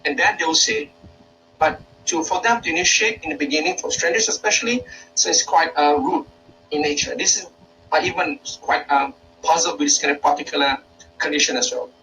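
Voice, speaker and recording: A man's voice: fairly high pitch, fairly quick, sharp tone, far from the mic, a little hiss or hum, low-quality recording. A Malaysian man, a university lecturer, giving an informal workshop talk in a hesitant way, with many fillers and restarts.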